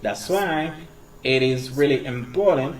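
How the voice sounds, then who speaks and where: A man's voice: mid-range voice, a little hiss or hum. Guy teaching english numbers, keeps switching languages, mic's a bit far off. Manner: switches between English, French and Creole while explaining; slow, repeated pronunciation drills. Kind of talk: casual video lesson.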